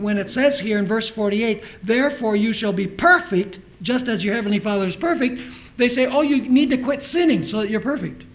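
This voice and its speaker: A man's voice: sits high, rough recording. A middle-aged man preaching a sermon in a church, reading scripture aloud and asking the congregation rhetorical questions. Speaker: pastor.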